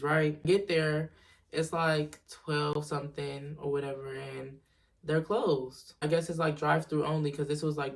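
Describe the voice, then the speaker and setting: A woman telling a story to her viewers in a casual storytime video, animated and swearing freely. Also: deep voice, recorded from a distance. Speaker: storyteller vlogger.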